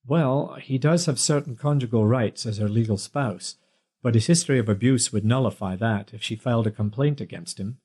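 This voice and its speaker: A man voicing a protective police inspector with a deep voice, calm and dryly teasing. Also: normal speed, husky. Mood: warm.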